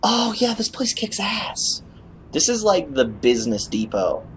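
A man playing a video game and commentating casually, excitable and swearing often. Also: on the high side, unhurried, slight background noise. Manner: profane, excitable, laughing often. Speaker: gamer. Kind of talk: let's-play commentary.

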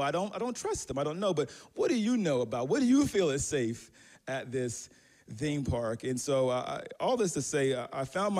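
A man's voice: medium pitch, darkish tone. A man preaching a sermon as pastor, telling a personal story in a conversational, self-deprecating way with many fillers and restarts.

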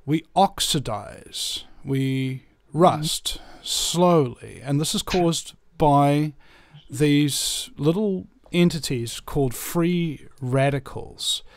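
A man's voice: fairly high pitch, drawn-out words, no echo, studio quality. A man chatting on a talk show, rambling through ideas with fillers and restarts and telling stories with animation. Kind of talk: casual chat, storytelling.

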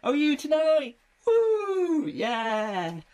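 A man doing a stand-up comedy routine, rambling and halting with many fillers and restarts. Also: very high voice, wildly swooping pitch, a little mellow.

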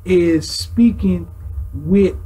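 Animated high-voiced man preaching to a class. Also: drawn-out words, breathy edge, rough recording. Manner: animated, street-talk, illustrative sound effects. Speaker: teacher.

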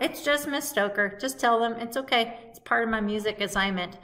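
A woman's voice: on the high side, normal speed, sharp tone. A woman teaching a music lesson to young children in a cheerful, sing-song call-and-response way, recorded at home.

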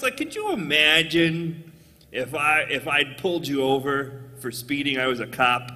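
A man doing a live stand-up comedy set on stage, jokey, often jumping into squeaky put-on voices. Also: very animated, unhurried, sharp tone, long reverb tail.

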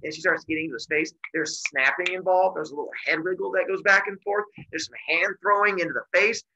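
A man teaching a class by retelling a myth in an animated, jokey way with deadpan asides. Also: high voice, fast talker, dull audio. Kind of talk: comic myth storytelling to a class.

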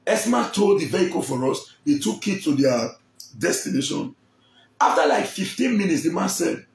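A Nigerian man recounts a personal story with real drama, jumping across a wide, high-pitched range. His voice has a gravelly edge. The room around him is echoey. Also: sing-song, moderate pace, a little hiss or hum. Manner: dramatic, acts out the people he quotes.

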